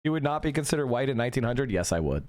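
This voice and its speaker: A man's voice: medium pitch, very animated, very fast, a little mellow, no room sound, studio quality. A young man streaming, ranting emphatically and profanely and answering chat. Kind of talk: casual livestream commentary.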